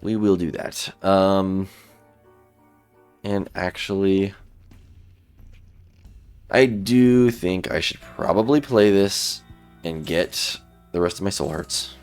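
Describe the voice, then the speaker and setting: A man casually commenting while playing a video game, thinking aloud about his choices in a relaxed, sleepy way. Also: deep voice, slow, long pauses, clean tone, soft background music. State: sleepy, yawning. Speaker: gaming YouTuber. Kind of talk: let's play commentary.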